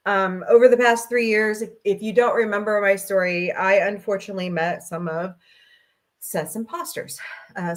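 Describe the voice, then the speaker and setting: A middle-aged woman talks straight into her laptop mic at home, hosting a casual stream. She vents in an emotional, personal way, her voice in a middle pitch. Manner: emotional, venting, tearful at times. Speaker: podcast host. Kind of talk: casual livestream chat. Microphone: laptop microphone.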